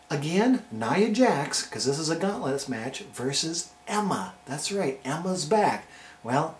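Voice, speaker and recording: A man of middling pitch hosts a casual video review, pitching each name with playful hype. The room rings around his voice, with a faint hiss of noise underneath. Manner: hyped, playful ranking countdown delivery. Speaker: wrestling show reviewer and host. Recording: roomy echo with faint noise.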